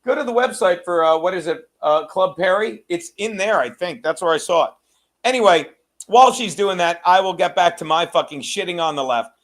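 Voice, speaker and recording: A man's voice: high-pitched, expressive, a little fast, a bit bright. A male host ranting about politics, swearing constantly and hammering the same phrase over and over. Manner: profane, ranting, repetitive. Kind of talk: heated political commentary.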